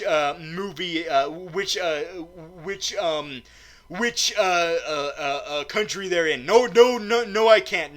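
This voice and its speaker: A man's voice: on the high side, sharp tone. Rambling stammering man recapping a movie. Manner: rambling, stammering, talks to himself.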